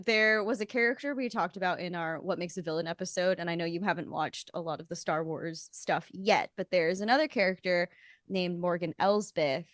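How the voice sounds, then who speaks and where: A woman co-hosting a podcast, giving relaxed and frank opinions in casual chat. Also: lowish voice, no echo, clean studio sound. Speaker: podcast co-host.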